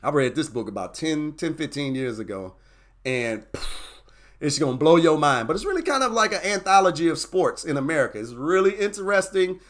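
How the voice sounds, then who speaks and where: A man's voice: on the high side, very animated, fairly quick, fairly bright tone. A man hosting an impassioned motivational talk, preaching with repeated emphasis and getting fired up as he goes. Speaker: host.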